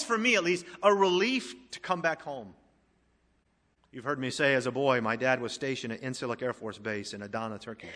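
A middle-aged man preaching a sermon, swinging from emphatic rising questions to quiet, intimate storytelling. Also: mid-range voice. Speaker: pastor. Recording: long hall reverb.

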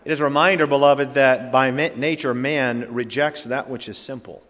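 A man's voice: mid-range voice, steady tone, moderate pace, few pauses, fairly bright tone. A male pastor preaching an emphatic sermon, speaking directly to his congregation. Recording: reverberant hall.

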